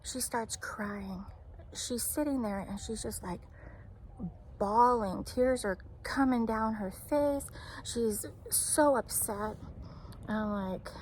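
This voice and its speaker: A woman's voice: a little high, slow pace, darkish tone, slight background noise. Chatty woman telling a work story. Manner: chatty, candid retelling with fillers. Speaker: restaurant server. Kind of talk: casual storytime vlog. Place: outdoors, sitting in the shade on a hot day.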